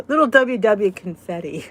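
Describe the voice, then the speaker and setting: A woman's voice: mid-range voice, very animated, a bit bright. A woman hosting a live weight-loss support chat, talking casually, reading out viewers' comments and venting with a laugh. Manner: chatty, exclaiming, quick to vent and laugh.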